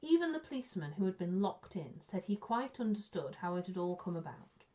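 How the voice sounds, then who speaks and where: A woman teacher reading a children's story aloud with clear, expressive storytelling. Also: mid-range voice, a little fast. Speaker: primary school teacher. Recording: muffled lo-fi sound.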